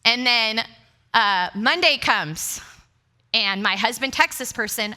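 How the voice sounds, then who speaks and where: Animated woman pastor with a bright voice. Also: a little high, measured pace. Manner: animated, acts out dialogue with laughs. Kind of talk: sermon storytelling. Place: church stage.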